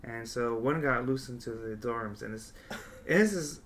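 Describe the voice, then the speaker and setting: A young man hosting a podcast, telling stories in casual chat, animated and swearing freely, sometimes shouting as he acts out scenes. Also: medium pitch, a little slow, slight background noise. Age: young adult. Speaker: podcast host. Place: podcast studio.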